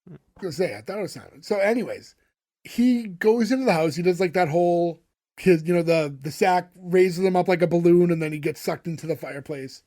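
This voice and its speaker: A man's voice: high-pitched, brisk, dark tone. A man co-hosting a podcast, casually recapping a show episode in a rambling way full of fillers. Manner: rambling, filler-heavy retelling of scenes. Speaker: podcast co-host.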